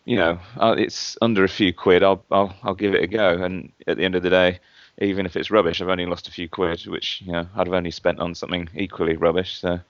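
A British man co-hosting a casual tech podcast, talking haltingly with restarts and dry teasing. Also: low voice, level tone, no echo, muffled recording. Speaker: podcast co-host. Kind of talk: casual chat.

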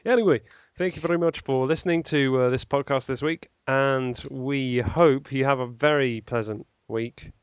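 A man's voice: mid-range voice, normal speed, few pauses, smooth, no room sound, muffled recording. A man hosting a podcast, chatting casually, joking at his own expense and laughing often. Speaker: podcast host. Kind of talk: casual chat.

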